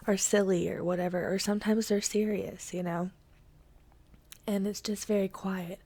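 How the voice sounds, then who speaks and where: A woman's voice: mid-range voice, little pitch movement, moderate pace, darkish tone, no echo. A young woman, hosting and telling a story casually, full of fillers, often dropping to a whisper for suspense. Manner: chatty, lots of fillers, drops to a whisper for suspense. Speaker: host.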